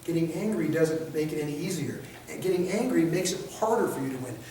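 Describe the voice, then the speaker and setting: A man's voice: on the high side, mellow, slight background noise. A man teaching a training class, chatting with the group, firing rhetorical questions at them and acting out short scenarios in quoted voices. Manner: acts out quick street scenarios in quoted voices. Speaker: instructor. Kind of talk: classroom lecture. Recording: echoey room, picked up from a distance.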